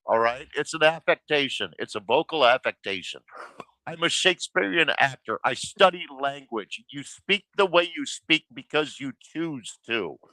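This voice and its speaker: A man lectures in a bright, forceful voice, emphatic and scolding. His pitch sits a little high and the sound is dry and close. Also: lively intonation, normal speed, no echo, rough recording. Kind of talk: heated group chat.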